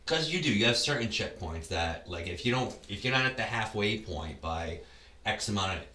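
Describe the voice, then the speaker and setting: A man's voice: on the low side, lively intonation, normal speed, bright, forceful tone, reverberant, recorded from a distance. A man talking as a podcast guest in casual conversation, rambling and often restarting his words. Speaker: podcast guest, ultra race runner.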